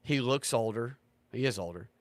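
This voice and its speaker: A man's voice: medium pitch, lively intonation, normal speed, dry recording, clean studio sound. A man hosting a livestream, talking casually in a sarcastic, ranting way and swearing freely. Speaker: livestream host.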